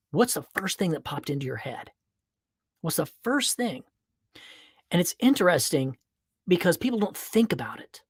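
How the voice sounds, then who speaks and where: Man, podcast host, casual and playful, animated asides, dry close recording. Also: fairly high pitch, dry recording. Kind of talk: casual livestream chat and podcast monologue.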